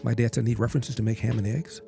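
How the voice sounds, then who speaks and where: A man's voice: medium pitch, little pitch movement, rapid-fire, creaky, dark tone. An older man recounting a family story as a podcast guest, quoting his father in direct speech. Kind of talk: storytelling in an interview. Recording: music bed behind the voice.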